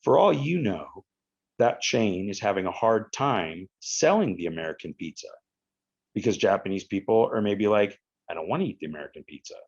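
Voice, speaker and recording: A man drops into a calm, soft-spoken male friend who lectures in a low, hushed, measured voice. The sound is a bit dull, like a home podcast recording. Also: husky. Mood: quietly scolding. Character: calm adult male friend, quietly scolding.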